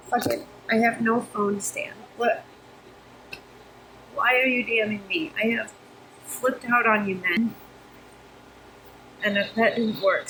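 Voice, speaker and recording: A woman's voice: a little high, fairly bright tone, a little hiss or hum, rough recording. A woman in her fifties, a vlogger, venting frankly to her phone camera while overheated and flustered, swearing freely and sounding exasperated. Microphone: phone camera close up.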